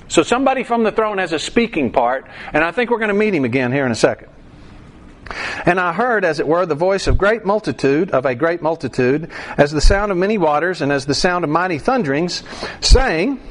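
A man's voice: a little high, a little fast. A man preaching a sermon verse by verse, acting out quoted voices and bursting into song. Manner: animated preacher, acts out voices and sings a line. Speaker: pastor.

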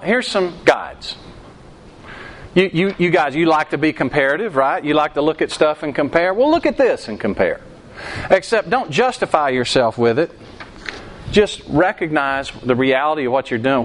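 Higher-voiced man preaching interactively. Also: very animated, normal speed, a little hiss or hum. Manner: asks the congregation questions, acts out quoted outbursts. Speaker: pastor. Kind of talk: interactive sermon.

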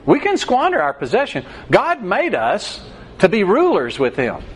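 Animated man preaching a sermon. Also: sits high, moderate pace, a little hiss or hum. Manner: animated storytelling, acting out the scripture.

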